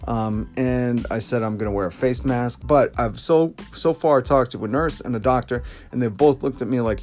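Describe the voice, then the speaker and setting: A man hosts his own podcast in a loose, joking monologue, drifting from one aside to the next. His voice sits at an everyday middle pitch. Faint music plays under him. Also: moderate pace, few pauses, a little mellow. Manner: rambling and jokey, with many fillers and asides. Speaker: podcast host. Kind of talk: casual solo podcast monologue.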